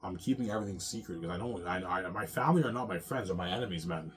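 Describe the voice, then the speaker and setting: A low-voiced man rambles on in a loose monologue, cursing often and circling back over the same points. He tacks "man" and "yeah" onto his lines, and a faint hiss sits underneath. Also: very fast, fairly bright tone. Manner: profane, repetitive, ending lines with "man" and "yeah". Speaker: vlogger.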